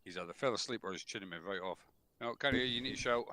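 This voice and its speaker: A man's voice: lowish voice, very fast, bright, forceful tone, slight background noise. A man giving a blunt, sweary, jokey military briefing over a headset in voice chat. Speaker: unit instructor.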